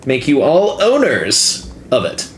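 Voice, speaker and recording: A man's voice: mid-range voice, huge pitch swings, takes it slowly. A man running a tabletop game as game master, talking with hesitant fillers. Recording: echoey room with faint noise.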